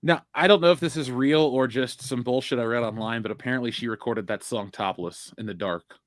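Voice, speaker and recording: A man's voice: medium pitch, fairly quick, no room sound, studio quality. A man co-hosting a casual pop culture chat, joking around and riffing on terrible puns. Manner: jokey, riffs on bad puns. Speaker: podcast co-host.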